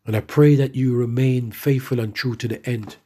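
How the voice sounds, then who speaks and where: A man preaching a sermon, reading scripture verses slowly and then preaching with emphatic rises in his voice. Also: mid-range voice, fairly even intonation, warm tone.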